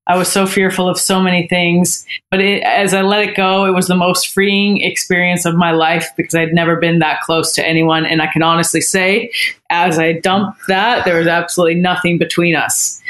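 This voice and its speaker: A woman guest on a podcast, telling a personal story in a candid, heartfelt way with frequent pauses and restarts. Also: on the low side, level tone, fairly bright tone.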